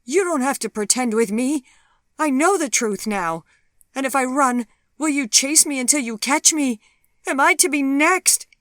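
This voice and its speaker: A woman narrator voicing a terrified young woman in an audiobook, crying out in a high, shaking, panicked voice. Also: lively intonation, a little slow, a bit bright, no echo, studio quality. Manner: high, shrill, panicked cries. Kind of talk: audiobook dialogue.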